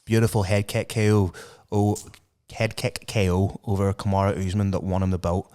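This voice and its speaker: A man's voice: sits low, flat delivery, normal speed, warm tone, clear, resonant tone. A man co-hosting a podcast, chatting enthusiastically and with swearing about mixed martial arts. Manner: enthusiastic, sweary, previewing fights. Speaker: podcast co-host. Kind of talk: casual chat about MMA.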